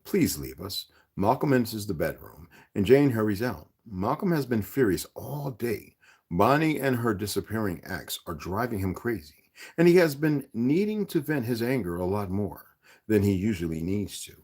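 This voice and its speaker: A man reading a romance novel aloud, expressive and occasionally correcting himself. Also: lowish voice, normal speed, slightly rough. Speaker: reader.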